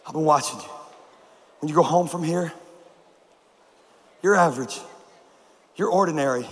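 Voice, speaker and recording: Man, high voice, animated comic preaching, conference hall, echoey room. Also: moderate pace. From North Carolina. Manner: animated, laughs at his own stories. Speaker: conference speaker. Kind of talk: sermon with comic storytelling. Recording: echoey hall, faint noise.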